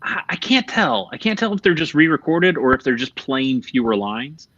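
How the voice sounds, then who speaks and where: A man's voice: medium pitch, very animated, moderate pace, a bit bright, dry recording. A man hosting a casual gaming podcast, speaking candidly, swearing freely and trailing off mid-thought. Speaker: podcast host. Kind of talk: casual chat about video games. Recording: dull, slightly lo-fi podcast audio.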